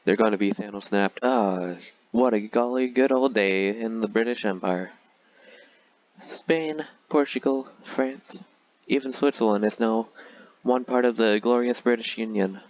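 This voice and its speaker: A man's voice: lowish voice, measured pace, a little mellow, muffled recording. A man talking casually and sarcastically through a strategy game, with frequent filler words. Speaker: gaming video creator.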